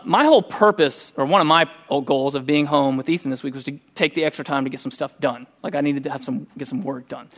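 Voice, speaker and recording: Animated man preaching a sermon. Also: a little high. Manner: conversational, animated storytelling. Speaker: pastor. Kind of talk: sermon with personal story.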